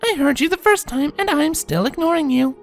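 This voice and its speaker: A man's voice: extremely high pitch, lively intonation, brisk, creaky, soft background music, pitched above the performer's own voice, exaggerated voice. A man voicing a carefree young female pony who talks in an airy, unbothered way. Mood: breezy.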